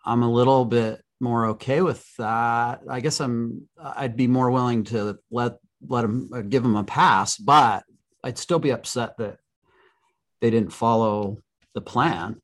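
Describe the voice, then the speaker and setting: A man's voice: medium pitch, unhurried. A man co-hosting a casual podcast conversation, making wry, self-deprecating jokes. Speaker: podcast co-host.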